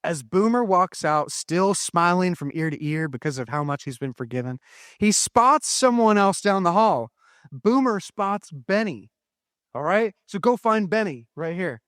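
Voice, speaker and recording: Upbeat guy telling a bible story to kids, pretty high voice, dry close sound. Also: animated, a little slow, fairly bright tone, no room sound. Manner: playful, upbeat, directing children. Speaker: chapel speaker for elementary students. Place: school chapel with children.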